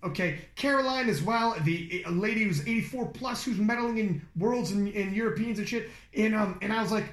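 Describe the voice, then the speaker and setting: A man hosting a podcast interview, talking fast and excitably with lots of swearing and animated storytelling. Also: high voice. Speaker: podcast host. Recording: echoey room.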